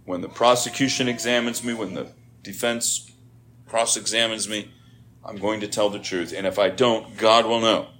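A man's voice: fairly low pitch, steady tone, moderate pace, fairly bright tone, a little hiss or hum. A middle-aged man preaching a sermon in a conversational teaching manner, rising to emphatic points.

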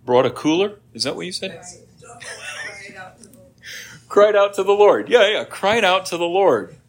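Middle-aged male pastor, unhurried sermon delivery, dramatic quoted voices. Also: high voice, animated. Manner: slow, dramatic preaching with voiced prayers and quoted grumbling.

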